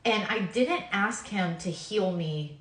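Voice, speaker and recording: A woman's voice: mid-range voice, takes it slowly. A woman in her twenties giving a personal testimony of a near-death experience, earnest and sprinkled with "like". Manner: earnest, uses many fillers like "like". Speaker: guest telling her near-death story. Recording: echoey room.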